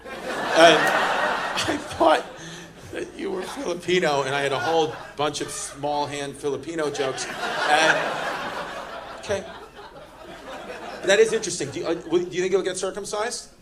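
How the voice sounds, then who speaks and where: A man doing stand-up, brashly teasing audience members in rapid-fire crowd work. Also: fairly high pitch, lively intonation, very noisy. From Queens, New York. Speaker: stand-up comedian. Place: comedy club stage. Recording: comedy club with loud laughing crowd.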